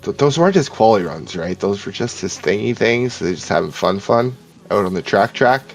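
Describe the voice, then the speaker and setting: A man's voice: fairly low pitch, lively intonation, brisk, vocal fry, soft background music. A man from Ontario, doing joking, hyped play-by-play commentary on drift runs. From Ontario, Canada. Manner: hyped, joking, showman patter.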